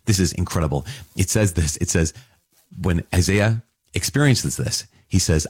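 Deep husky Catholic teacher marveling. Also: male voice, normal speed, no echo, studio quality. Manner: excited and marveling, with casual asides. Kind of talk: enthusiastic scripture reflection.

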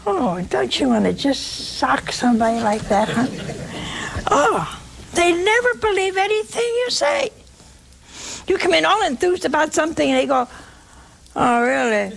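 A woman's voice: very high voice, big pitch swings, normal speed, gravelly, background noise. A woman preaching a sermon in a folksy, humorous way, acting out the scripture stories as she goes.

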